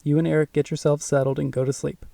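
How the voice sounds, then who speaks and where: A man's voice: fairly high pitch, little pitch movement, quick pace, gravelly, warm tone, no echo, far from the mic. A man reading a cold, icy, sneering stepfather. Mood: stern. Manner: icy, mocking. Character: cold sneering adult man, stern and impatient.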